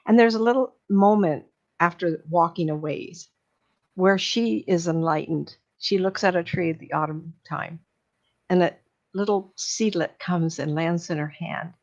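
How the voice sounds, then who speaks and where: Gravelly woman retelling a movie, lo-fi. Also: lowish voice. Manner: chatty storyteller, acting out characters' lines with laughs. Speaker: psychic medium guest. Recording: dull lo-fi recording.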